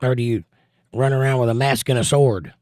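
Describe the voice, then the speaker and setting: A man's voice: medium pitch, fairly even intonation, fairly quick, a little mellow, no echo. Wry man reading chat on a stream. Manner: wry, teasing chat banter. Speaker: livestream host reading chat. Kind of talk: casual live-stream chat.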